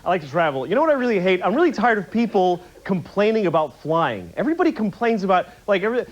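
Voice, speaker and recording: On a TV studio stage, a stand-up comedian gives a rambling, mock-indignant observational routine in a high voice with big pitch swings, speaking briskly with few pauses. The broadcast sounds muffled, with studio audience noise.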